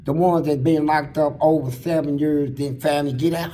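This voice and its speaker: A man with a high voice for a man tells stories in a loose, casual way. His slang is blunt and crude, and he acts out other people's lines along the way. A faint hiss sits under his speech. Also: steady tone, moderate pace, hardly any pauses, warm tone. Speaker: interview guest. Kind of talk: casual storytelling about prison life.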